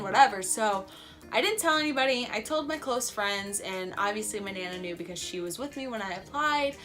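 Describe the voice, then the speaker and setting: A young woman telling a story in a casual vlog, chatty and excitable, saying "like" often. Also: medium pitch, brisk, faint music behind. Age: young adult. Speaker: vlogger.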